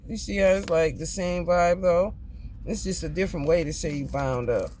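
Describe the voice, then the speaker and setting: A man does a tarot reading for his viewers in a high, unhurried voice. He is chatty and profane, laughing often. There is a faint hiss behind him. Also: a little mellow. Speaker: tarot reader. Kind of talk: casual tarot reading vlog.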